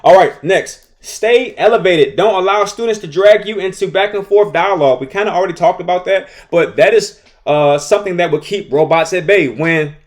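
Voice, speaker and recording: A man hosts a solo podcast on teaching, chatting loosely in a slightly higher than usual voice. He restates his points and now and then acts out a scolding teacher or a mouthy student. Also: normal speed, few pauses. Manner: conversational, repeats himself, acts out angry teachers and rude students. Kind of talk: solo podcast advice talk.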